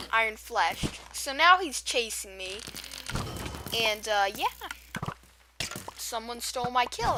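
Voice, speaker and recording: A woman doing voice-over commentary on her gameplay, rambling and poking fun at herself with restarts and fillers. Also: a little high. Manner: rambling, self-mocking, with frequent restarts and fillers. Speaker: gaming channel host. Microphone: new desktop microphone.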